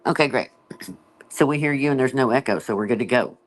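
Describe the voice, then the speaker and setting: A male host chatting casually with a caller, friendly, and often clearing his throat. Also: medium pitch, brisk. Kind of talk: casual chat.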